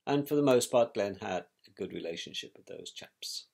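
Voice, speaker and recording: A middle-aged man, recalling a painful family event in a measured, reflective way with pauses and restarts. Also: lowish voice, expressive, creaky, darkish tone. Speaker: interviewee, victim's brother. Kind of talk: personal recollection.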